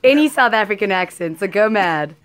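A woman's voice: mid-range voice, lively intonation, a little fast, a bit bright. A woman hosting a radio show in the studio, bubbly and laughing as she introduces a game with her guests. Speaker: radio host. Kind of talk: upbeat radio show host chat.

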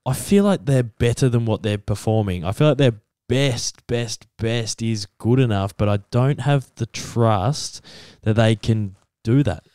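An easygoing Australian man chats about sport on a podcast and laughs often. His voice is smooth and clear. The recording is dry and close, with no room sound. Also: medium pitch, measured pace, mellow, no room sound. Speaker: podcast co-host. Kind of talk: casual sports chat.

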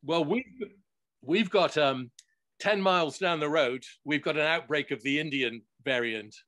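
A man recording engineer talking in a relaxed, chatty interview, laughing often and using many fillers, over a video call. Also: a little high, measured pace. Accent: none regional, no Scottish accent. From born in Gibraltar, grew up worldwide.

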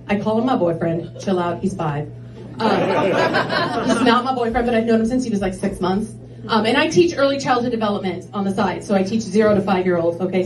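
A woman on a comedy club stage talks her way through a set in a fairly high voice, chatty and rambling. She sounds distant and roomy, and a loud crowd laughs around her. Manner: chatty, rambling, lots of filler words. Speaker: stand-up comedian.

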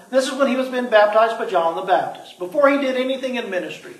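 Male preacher, high-pitched, call-and-response sermon, playful asides, far from the mic. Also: fast talker, few pauses. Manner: lively, prompts the congregation to answer, joking asides. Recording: echoey room, voice from a distance.

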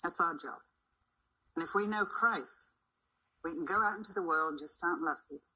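An older woman preaching a sermon to a church, emphatic and dramatic, with sudden swings in pitch and loudness. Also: moderate pace, husky, low-quality recording.

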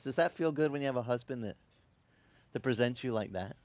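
A man preaching a sermon as pastor, telling stories and acting out quotes with animated energy. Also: mid-range voice, brisk, dry recording. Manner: animated storytelling with acted-out quotes. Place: church.

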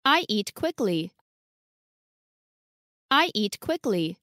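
A woman's voice: medium pitch, big pitch swings, takes it slowly, sharp tone, dry recording, studio quality. A woman reading short English phrases for learners, enunciating each one carefully and saying it twice. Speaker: English model reader.

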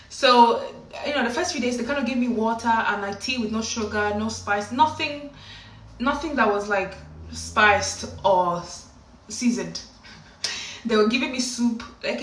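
A woman telling a story casually to camera in an animated way, often slipping into acted voices. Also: fairly high pitch. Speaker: vlogger. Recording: echoey room, distant from the mic.

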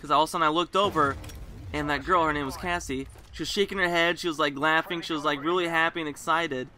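Bright-voiced young man telling a story. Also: fairly high pitch, fairly even intonation, fast talker. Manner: rambling, profane, chatty. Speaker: vlogger. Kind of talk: casual storytelling.

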